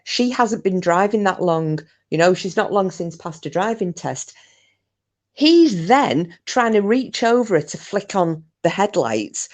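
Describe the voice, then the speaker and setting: A woman's voice: mid-range voice, a little mellow. A woman, casually telling a ghost story in a chatty, rambling way, with swearing and restarts. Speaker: channel host.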